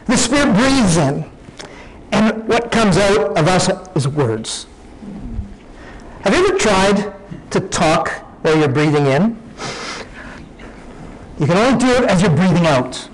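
A man's voice: high voice, animated, unhurried, pauses often, a little hiss or hum, rough recording. A man preaching a sermon, teaching in a conversational way, often restarting his sentences.

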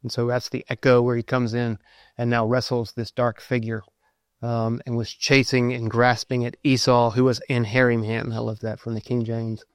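A man preaching a sermon, reading scripture aloud and explaining it, with many pauses and filler words as he thinks aloud. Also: medium pitch, flat delivery, clear, resonant tone, dry recording. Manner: halting, many ums and uhs, thinking aloud.

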